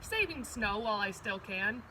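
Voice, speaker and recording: A woman's voice: mid-range voice, lively intonation, normal speed, sharp tone, a little hiss or hum, rough recording. A woman voicing a small, cranky rabbit who grumbles and complains in a read-aloud storybook. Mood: grumbling. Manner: grumbling, sulky.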